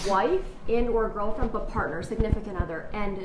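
A woman's voice: medium pitch, brisk, noisy background. A woman in her twenties reading a novel aloud with exaggerated drama and sarcastic asides, chatting with a friend. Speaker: book reviewer reading aloud. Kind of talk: casual chat with dramatic read-aloud.

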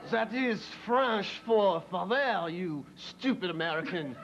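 A man's voice: sits high, animated, unhurried. A man playing a pompous, mocking French playboy villain in a comedy sketch, with a fake French accent. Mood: sneering. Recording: dull lo-fi TV audio with music.

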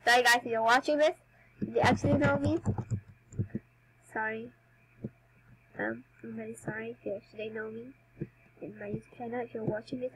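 A woman's voice: a little high, fairly bright tone, breathy edge, rough recording. A young woman chatting casually while playing a dance game for her channel, a bit under the weather. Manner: chatty, giggly, self-mocking. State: slightly sick, coughing. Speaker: gaming YouTuber.

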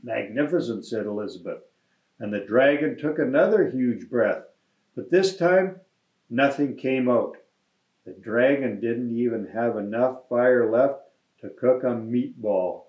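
A man, a mayor, reading a children's picture book aloud in a gentle, friendly storytelling manner. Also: medium pitch, lively intonation, measured pace. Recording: echoey room, dull lo-fi sound.

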